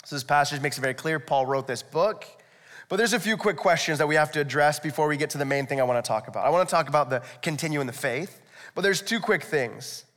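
A man's voice: a little high, fast talker, fairly bright tone. A male pastor preaching a sermon in a conversational, explanatory way, with rhetorical asides to the congregation. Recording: echoey hall, long reverb.

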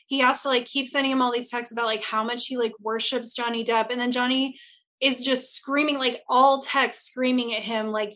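Woman co-host, casual chat, slightly high voice, blunt and candid, quick to act out quotes. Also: fairly even intonation, sharp tone. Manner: candid and blunt, swears freely, acts out quotes.

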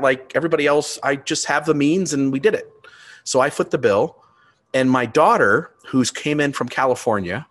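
A man in his fifties talks through a family story in relaxed podcast conversation. He sits at an everyday middle pitch, and he swings from calm reflection to heated, swearing outbursts. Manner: animated storyteller, rising and swearing when riled.

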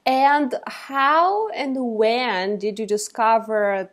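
Higher-voiced woman hosting an interview. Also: animated, drawn-out words. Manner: warm encouraging questioner with filler words. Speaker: podcast host and dance club leader. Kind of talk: casual interview.

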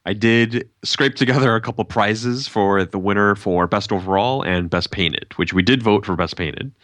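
A man's voice: lowish voice, normal speed, a bit bright, no echo. A man hosting a casual hobby podcast, chatty and easygoing, laughing easily as he talks. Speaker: podcast host and tournament organizer. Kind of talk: casual chat.

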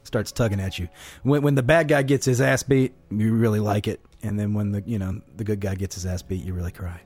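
A man co-hosting a casual movie review podcast, talking quickly and excitedly, swearing now and then. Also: lowish voice, slightly rough. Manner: fast, animated, swears, retells scenes. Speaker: podcast co-host.

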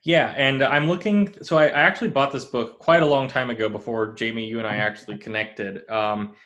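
A man hosting an interview, talking in a relaxed, casual way with many fillers. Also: medium pitch, fairly quick. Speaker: host.

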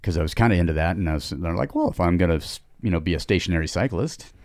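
A man's voice: deep voice, animated, rapid-fire, darkish tone, dry recording, studio quality. A middle-aged man telling a long casual story on a podcast, rambling with many restarts and asides. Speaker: podcast guest.

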